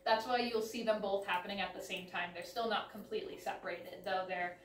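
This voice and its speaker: A woman's voice: mid-range voice, fairly even intonation, fairly quick, a little hiss or hum. A woman showing her dogs' tricks at home, explaining casually between short, upbeat commands to the dog. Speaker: dog trainer and vlogger. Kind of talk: casual demonstration. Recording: roomy sound, mic at a distance, faint ambience.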